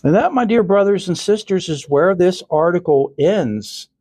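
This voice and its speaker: A man's voice: high voice, animated, normal speed, darkish tone, breathy edge, no room sound. An older male podcast host reading a story aloud, with earnest, chatty asides.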